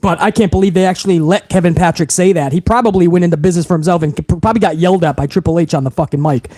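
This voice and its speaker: Animated man recapping wrestling, high voice. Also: rapid-fire, dry recording. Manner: animated, profane, rambling with frequent restarts. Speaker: wrestling show host. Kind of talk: live stream recap commentary.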